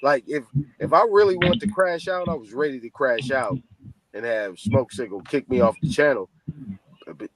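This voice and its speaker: A man's voice: medium pitch, normal speed, a crowd in the background, low-quality recording. A man from California speaking emphatically as a panelist on a heated live-stream debate, acting out what others said. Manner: emphatic, animated, mimics others.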